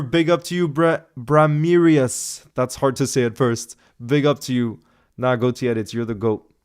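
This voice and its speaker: Young man, football live-streamer, excitable shout-outs, smooth resonant voice, middle pitch. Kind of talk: casual live-stream chat, reading out viewer messages.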